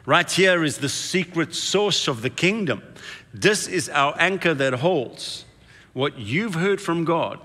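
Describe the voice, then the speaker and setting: A man preaching a sermon, telling the story with shifts between hushed and excited delivery. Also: a little high, unhurried. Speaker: pastor. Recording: echoey hall reverb.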